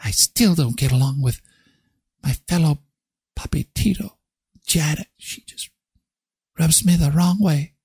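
A man voicing a dog that does a pop-star impression in a squealing, breathy falsetto. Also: a little slow, long pauses, darkish tone, exaggerated voice. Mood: showy.

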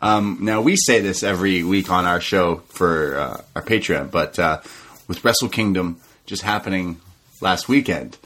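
Laughing, animated male podcast co-host. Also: low-pitched, normal speed. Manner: animated, laughs often, quotes wrestlers in raised mock voices. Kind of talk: casual wrestling recap chat.

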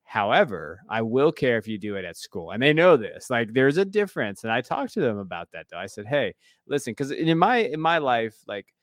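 A tired man in his thirties talks at an ordinary mid pitch on a casual podcast. He rambles with plenty of fillers and restarts and swears offhandedly. The sound is close and dry. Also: sing-song, a little fast, hardly any pauses, dry recording. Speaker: podcast co-host.

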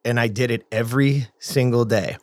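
A man's voice: mid-range voice, fairly even intonation, normal speed, darkish tone, no room sound. A man guest on a podcast, telling a personal story in a casual, earnest way with frequent restarts.

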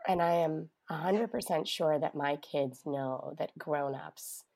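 Low raspy lady therapist type, gravelly, reassuring and chill. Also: a little slow. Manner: warm, reassuring, explains calmly. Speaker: clinician, parenting guest expert. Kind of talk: casual podcast conversation.

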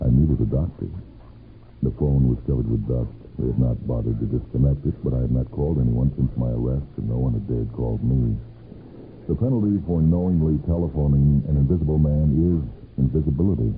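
A man narrating a first-person story for radio, with a measured, brooding delivery and long pauses. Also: very deep voice. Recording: lo-fi narrow-band 1970s radio recording with faint music.

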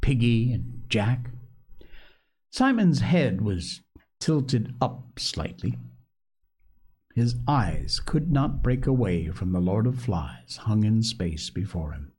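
A man narrating a novel aloud in a measured, dramatic way. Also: on the low side, very animated, a little mellow, breathy edge. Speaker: audiobook narrator. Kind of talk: expressive novel reading.

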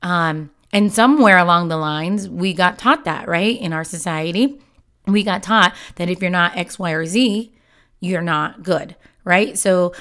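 A woman with a lowish voice talking about self-awareness in a casual, motivational way. She speaks candidly and warmly personal, with lots of "you know" fillers as she works through her thoughts. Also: measured pace.

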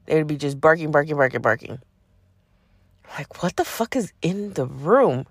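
On her podcast, a woman swears and jokes sarcastically through a lively retelling of something that happened to her. She speaks at a moderate pace with a low, slightly breathy voice, captured in clean studio audio with no room sound.

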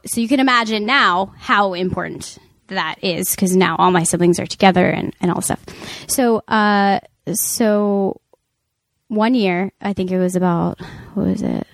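A woman's voice: mid-range voice, a little slow, vocal fry, no echo, clean studio sound. Woman telling a story with lots of fillers. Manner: animated, many fillers and restarts. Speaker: podcast co-host. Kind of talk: casual storytelling.

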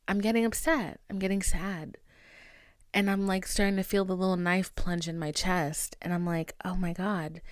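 A young woman hosting a podcast in casual chat, animated and swearing freely as she acts out conversations. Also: lowish voice, no echo, clean studio sound. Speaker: podcast host.

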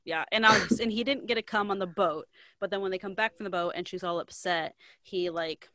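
A woman in casual chat, retelling a story in a rambling, animated way, filling every pause with "like". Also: mid-range voice, no echo. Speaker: co-host recapping a book.

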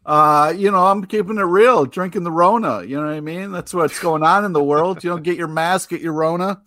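A man's voice: sits high, brisk, sharp tone, no echo, studio quality. A man co-hosting a casual podcast in a laid-back, joking way. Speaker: podcast co-host. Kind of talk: casual chat.

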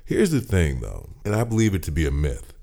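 A man's voice: low voice, sing-song, fairly quick, vocal fry, warm tone. An American man hosting a podcast, talking in a laid-back, personable way in a casual interview chat. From United States. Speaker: podcast host.

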